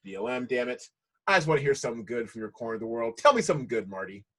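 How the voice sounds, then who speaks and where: A man's voice: medium pitch, sing-song, racing, fairly bright tone. A man hosting a casual film podcast, playful and hyped, laughing often. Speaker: podcast host.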